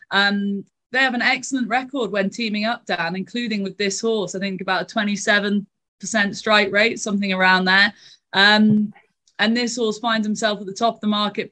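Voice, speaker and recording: Lady radio host, bright voice, quick chatty links. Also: mid-range voice. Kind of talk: live sports radio presenting.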